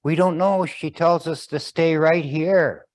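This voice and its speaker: A man's voice: fairly high pitch, fairly even intonation, a little slow, no echo, pitched above the performer's own voice, lightly acted. A man voicing an earnest young boy. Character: young boy, worried, telling on mother.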